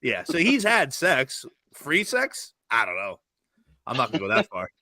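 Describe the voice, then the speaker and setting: A man's voice: mid-range voice, huge pitch swings, a crowd in the background. A man who is a guest on a podcast, chatting casually and telling profane stories at speed, often laughing. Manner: fast, profane storytelling with bursts of laughter.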